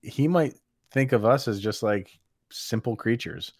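A man's voice: mid-range voice, measured pace, no echo, studio quality. A man chatting casually as a podcast co-host, rambling with many fillers and restarts. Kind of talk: casual chat.

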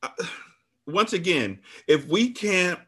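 A man hosting a book club podcast, reacting to the story with animated exclamations and drawn-out remarks. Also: sits high, slightly rough. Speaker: podcast host.

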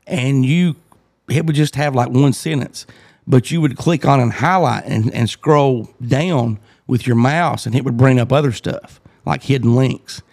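A man's voice: mid-range voice, creaky, a little mellow. A man hosting a podcast, talking hesitantly with many fillers and a dry sarcastic streak. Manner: hesitant, lots of uh and you know, sarcastic. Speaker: podcast host. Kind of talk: casual podcast chat.

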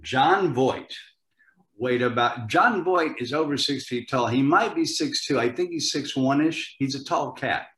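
An older man tells animated stories as a guest in a casual interview. He often stumbles and repeats words as he gets going. His voice sits at a middle pitch, and a roomy echo surrounds it. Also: measured pace. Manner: animated, repeats words when starting sentences. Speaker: actor guest.

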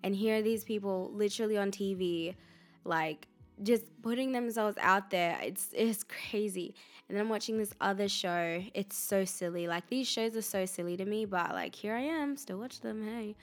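A young adult woman hosting a casual solo podcast, chatty and animated, laughing often and acting out her own reactions. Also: mid-range voice, moderate pace. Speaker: podcast host.

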